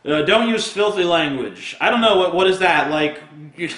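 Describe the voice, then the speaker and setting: A man with a somewhat high, forceful voice rants crudely and sarcastically straight to camera. He swears freely and laughs at his own jokes. The sound bounces around an echoey room. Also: expressive, moderate pace. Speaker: video blogger. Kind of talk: profane comic rant to camera.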